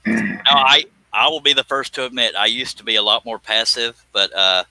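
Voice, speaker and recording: A man's voice: medium pitch, normal speed, bright, forceful tone, dry recording, rough recording. A man hosting a casual live stream while he works, rambling and joking in a folksy way. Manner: rambling, folksy, jokey, exclaims "by God". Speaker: livestream host, scroll saw pattern designer.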